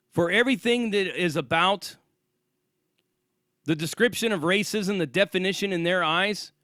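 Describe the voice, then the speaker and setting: This host's ranting is angry, crude and full of sarcasm, spoken in a high voice with a fairly bright tone. It's recorded dry, with studio-grade clarity.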